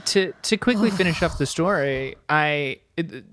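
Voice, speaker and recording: A woman's voice: low voice, lively intonation, moderate pace, a bit bright, a little hiss or hum. A woman co-hosting a podcast, telling wry, self-mocking stories in casual chat. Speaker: podcast co-host.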